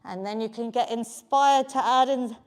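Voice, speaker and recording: High-voiced upbeat woman fitness coach. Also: normal speed. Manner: encouraging, counts reps aloud. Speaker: fitness instructor. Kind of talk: live workout coaching. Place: home basement.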